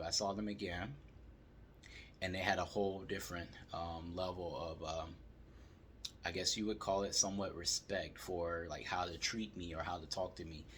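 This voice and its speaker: A man calmly telling a story as he gives dating advice to male viewers. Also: sits low, a little hiss or hum. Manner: calm, steady storytelling.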